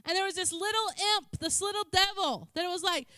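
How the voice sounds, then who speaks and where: A woman's voice: very high-pitched, a little fast, sharp tone. A woman preaching a sermon in a church, chatty and joking with the congregation.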